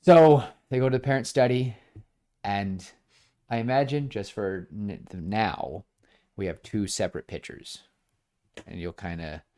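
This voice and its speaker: Sex: man. Role: podcast co-host. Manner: rambling, low voice. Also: unhurried, darkish tone. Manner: rambling, acts out bits of dialogue. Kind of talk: casual pitch-meeting chat.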